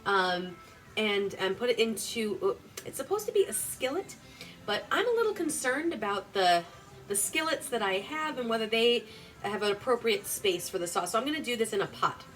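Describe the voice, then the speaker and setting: A woman's voice: on the high side, expressive, moderate pace, a bit bright, low-quality recording. A young woman hosting her home cooking show in her kitchen, talking casually in a rambling, self-deprecating way full of fillers. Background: playlist music playing faintly.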